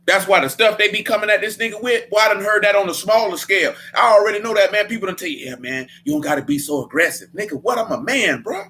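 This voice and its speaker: A man's voice: high-pitched, fast talker, hardly any pauses, sharp tone. A man leading a Bible study in a casual preaching style, blunt and emphatic, with a lot of slang.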